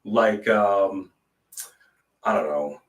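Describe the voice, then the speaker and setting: A man co-hosting a casual wrestling chat, animated, riffing and joking. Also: fairly low pitch, extremely slow, recorded from a distance. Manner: animated, sings jokingly, reads in a newscaster voice. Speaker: podcast co-host. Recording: echoey room, off-mic.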